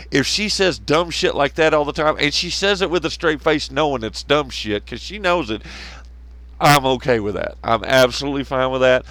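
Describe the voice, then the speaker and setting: A man's voice: medium pitch, lively intonation, normal speed, a bit bright, dry recording. A man hosting a podcast, ranting casually and sarcastically, swearing constantly and laughing at his own jokes. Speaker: podcast host. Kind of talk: profane casual rant.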